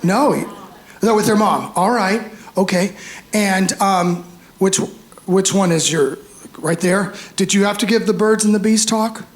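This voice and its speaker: A man in his fifties performing a stand-up comedy set on a club stage, animated, acting out voices and shouting punchlines. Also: high-pitched, a little slow. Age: 50s. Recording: roomy live club sound with faint crowd noise. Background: audience laughter.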